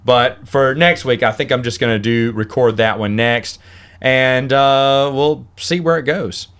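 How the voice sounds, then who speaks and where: A man's voice: mid-range voice, a little slow, a bit bright, smooth. Guy doing a solo podcast, rambly, keeps tripping over his words, bit of hiccups. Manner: rambling, self-interrupting, repeats words. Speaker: podcast host.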